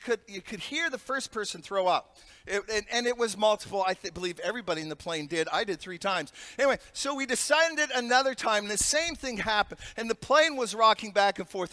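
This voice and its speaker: Man preaching, high bright voice, long hall reverb. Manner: storytelling with humor and laughs. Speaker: pastor. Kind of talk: sermon.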